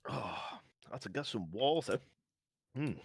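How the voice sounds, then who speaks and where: A man's voice: medium pitch, animated, unhurried, gravelly, husky, dry recording, clean studio sound. A man with a slight Scouse accent chatting casually on a live stream, rambling and laughing often as a guest. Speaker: guest game maker.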